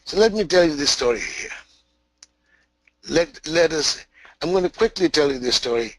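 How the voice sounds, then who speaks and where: A man's voice: fairly high pitch, lively intonation, normal speed, a bit bright, dry recording, poor audio. A man teaching a spiritual webinar, telling a parable in an emphatic, repetitive way with frequent restarts.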